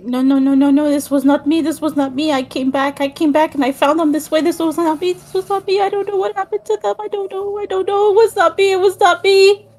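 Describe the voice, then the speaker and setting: Woman doing a high tearful young cat-folk girl, desperate and repeating herself, fantasy game. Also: slow, soft background music. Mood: panicked pleading. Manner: pleading, repeating herself breathlessly. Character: young female cat-folk, frightened and pleading.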